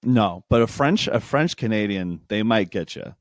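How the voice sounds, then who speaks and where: A man's voice: fairly low pitch, animated, moderate pace, no room sound, clean studio sound. A man co-hosting a casual podcast, joking and swearing, laughing often. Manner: jokey, profane, laughs often. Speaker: podcast co-host. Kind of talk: casual chat.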